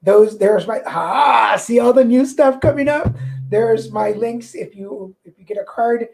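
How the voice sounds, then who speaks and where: A woman with a slight Mexican accent, hosting a livestream tarot show and chatting casually and excitedly to viewers, often restarting her sentences. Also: fairly high pitch, a little slow, gravelly, poor audio. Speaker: livestream tarot reader host. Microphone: corded mic.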